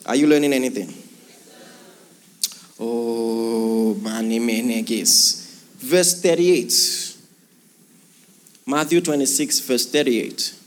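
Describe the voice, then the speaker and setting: A man's voice: medium pitch, takes it slowly, long pauses. A man preaching a sermon to a congregation in a church hall, asking them rhetorical questions. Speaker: pastor.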